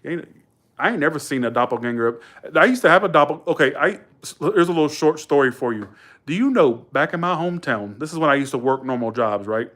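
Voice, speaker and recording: A young man talks casually to his viewers, rambling and correcting himself as he goes. His voice sits a touch high for a man. He drops into quoted dialogue and keeps a loose, colloquial flow. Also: lively intonation, fairly quick, fairly bright tone. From Georgia, USA. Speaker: live streamer chatting with viewers. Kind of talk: casual chat and storytelling.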